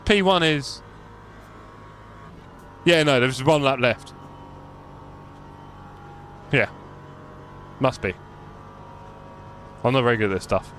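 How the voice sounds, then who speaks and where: A man's voice: mid-range voice, expressive, slow, long pauses, a bit bright, slight background noise. A young man live-streaming sim racing, chatty and self-mocking, calling the race as he drives.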